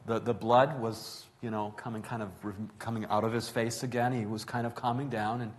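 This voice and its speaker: A man's voice: on the low side, steady tone, brisk, long reverb tail. A man telling a family story to an audience in a conversational way, correcting himself as he goes. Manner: conversational, with fillers and self-corrections.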